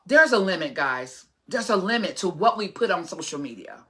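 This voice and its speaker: A woman in her forties with a bright, clear-toned voice, vlogging straight to her followers. She rambles in a chatty way, full of fillers and restarts, and gets earnest and opinionated. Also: lowish voice, lively intonation, normal speed. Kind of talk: casual vlog talk to camera.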